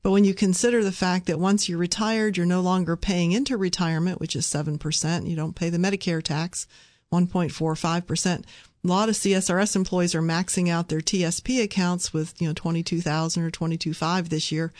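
A woman co-hosting a live radio talk show, explaining benefits in a clear, matter-of-fact way. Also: lowish voice, steady tone, fairly quick, a little mellow, dry recording, clean studio sound. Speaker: radio co-host and benefits expert.

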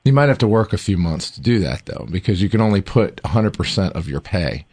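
A man's voice: low voice, lively intonation, brisk, darkish tone, slight background noise. A man co-hosting a radio advice show, explaining retirement savings in an easygoing way. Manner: explanatory, easygoing, laughs readily. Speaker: radio co-host, retirement planner.

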